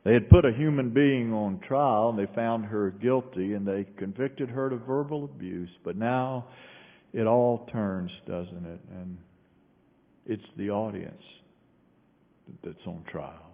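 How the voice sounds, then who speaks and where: A male pastor preaching a sermon, telling a story and shifting between raised bursts and quiet low passages. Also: takes it slowly. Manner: storytelling with sudden raised quoted shouts and quiet drops. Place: large church sanctuary. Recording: echoey hall on a tinny phone-like line.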